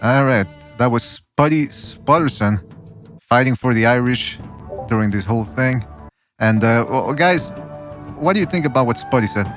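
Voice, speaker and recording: A man's voice: mid-range voice, expressive, a bit bright, soft background music. A man hosting a podcast, joking and swearing in casual chat. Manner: rapid, profane, joking. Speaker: podcast host.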